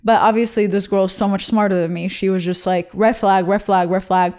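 A woman's voice: mid-range voice, steady tone, brisk, dark tone. A young woman from Israel hosting a show, reacting to listener stories in a candid, bawdy, laugh-filled casual chat. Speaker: host reading listener stories.

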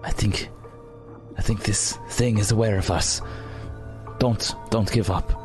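Low-voiced man playing in character. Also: fairly even intonation, a little slow, over music. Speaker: player. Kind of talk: in-character tabletop play.

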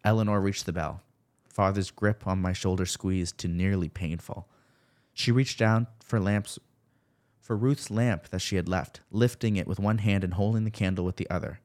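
Deep-voiced man narrating a horror story. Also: steady tone. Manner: slow, measured storytelling with shouted character lines. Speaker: podcast host reading a creepypasta.

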